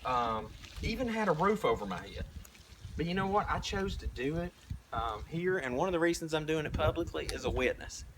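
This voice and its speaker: With a high-ish, very animated, slightly fast and somewhat bright voice, a young Southern man who vlogs about prepping rambles bluntly and folksily while painting. It's a casual preaching monologue full of restarts, recorded outdoors at a tiny house build with slight background noise.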